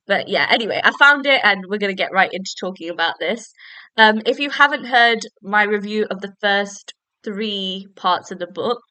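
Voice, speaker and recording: A woman's voice: medium pitch, pushed and bright, no room sound. A young woman hosting a solo book-review podcast, chatting in a rambling, self-deprecating way with giggly asides. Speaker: podcast host.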